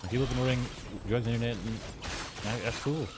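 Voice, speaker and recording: A man's voice: medium pitch, steady tone, racing, noisy background. A man streaming a game, rambling casually with lots of filler words and frequent chuckles. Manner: rambling, heavy use of "like", chuckles often.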